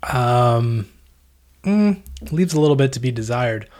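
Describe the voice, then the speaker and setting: Male podcast co-host, mid-pitched, casual and rambling, deadpan humor. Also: unhurried. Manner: dry, rambling, deadpan jokes. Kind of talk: casual chat.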